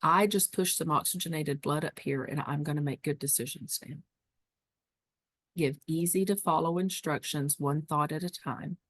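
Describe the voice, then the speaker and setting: Woman teaching caregivers on a webinar, lowish voice, emphatic, says things over and over, dry close sound. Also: moderate pace, no room sound. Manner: warm, emphatic teaching with repeated phrases. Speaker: dementia care educator. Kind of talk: webinar presentation.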